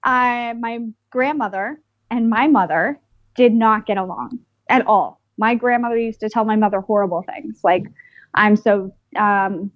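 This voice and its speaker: A woman with a fairly high voice tells a story on a podcast, animated and putting on little voices for the people she quotes. The recording is dry and a touch muffled, with no room sound. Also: normal speed, no echo. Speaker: podcast co-host. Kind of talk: casual storytelling chat.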